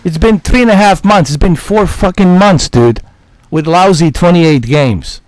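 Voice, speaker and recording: A man's voice: sits high, measured pace, darkish tone, dry recording, studio quality. Profanity-laced ranting man, gaming vlogger. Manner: profane, repetitive, exasperated. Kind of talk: heated rant to camera.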